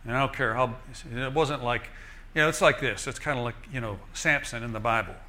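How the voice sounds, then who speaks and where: Lively male preacher, folksy, joking, bright tone. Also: mid-range voice, a little fast. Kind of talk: sermon.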